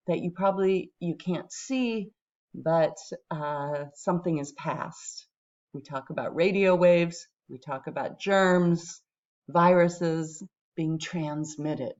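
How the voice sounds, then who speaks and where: A woman's voice: mid-range voice, a little mellow, dull audio. A woman teaching English vocabulary in a recorded lesson. She thinks aloud patiently and checks in with her students.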